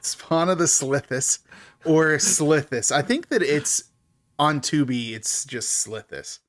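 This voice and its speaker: A man's voice: fairly high pitch, lively intonation, takes it slowly. A man co-hosting a podcast, chatting casually about a horror movie and laughing often. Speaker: podcast co-host. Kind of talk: casual movie review chat.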